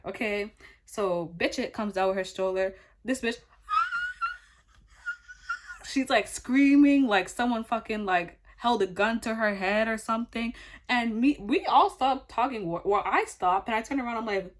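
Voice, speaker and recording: A young woman recounting a story straight to camera in a loose, rambling way. She talks casually, piles on fillers and curse words, and keeps the telling animated. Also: medium pitch, normal speed. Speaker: vlogger.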